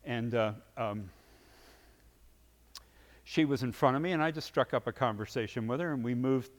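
Animated preacher man in a reverberant hall. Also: mid-range voice, moderate pace. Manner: animated storyteller acting out scenes with big swings in loudness. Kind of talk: sermon storytelling.

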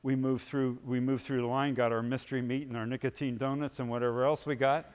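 A man preaching, telling a story vividly and acting out its scenes, his loudness swinging from hushed to booming. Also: flat delivery, brisk, in a large hall. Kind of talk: sermon storytelling.

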